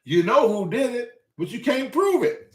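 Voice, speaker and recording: A man's voice: extremely high pitch, very animated, moderate pace, distant mic. A man hosting a talk show, telling a story in a casual, profane and emphatic way. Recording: roomy echo.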